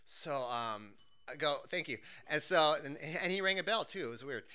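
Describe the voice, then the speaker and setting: A man's voice: a little high, lively intonation, normal speed, bright, forceful tone, smooth. A man telling a funny personal story, acting out the scenes with cries and screams.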